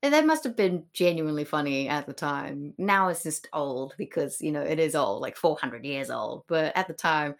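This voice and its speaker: A woman's voice: low voice, expressive, normal speed, hardly any pauses. A woman co-hosting a casual comedy podcast, giggly and rambling, with lots of fillers. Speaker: podcast co-host. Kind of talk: casual comedic chat about Shakespeare.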